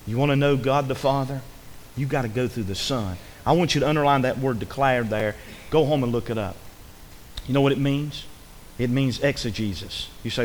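A man preaching a sermon in a folksy, repetitive way, swinging between loud emphasis and hushed asides. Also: mid-range voice, moderate pace, slight background noise. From rural upbringing. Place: church. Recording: long hall reverb.

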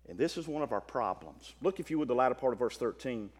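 A Baptist preacher, a man, giving a sermon. He moves from quiet asides to loud exclaiming and often repeats words. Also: mid-range voice, animated, quick pace, long reverb tail.

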